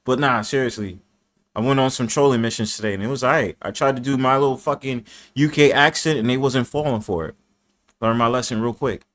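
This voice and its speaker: A man's voice: medium pitch, a little fast, a bit bright. A man hosting a casual panel chat, boisterous and profane, laughing often and acting out the voices he quotes. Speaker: host of a live panel stream.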